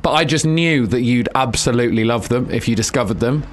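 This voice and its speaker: A man trading dry, teasing banter in a loose comedy chat. His voice sits at a plain middle pitch. He sounds relaxed and quick to mock. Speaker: podcast co-host.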